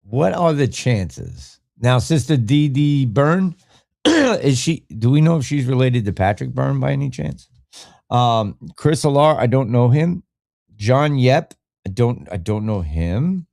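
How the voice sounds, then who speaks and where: Male podcast host, casual live-stream chat, rambling and profane, pitch swinging widely up and down. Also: expressive, measured pace, vocal fry, a little mellow.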